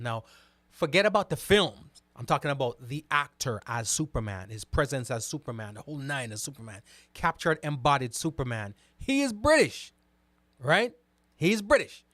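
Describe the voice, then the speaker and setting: A man of middle pitch hosts a casual commentary, reading out comments and answering them. He repeats words and keeps asking "right?". The sound is dry and close. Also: dry recording. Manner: animated, repeats words, asks "right?" often. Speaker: host.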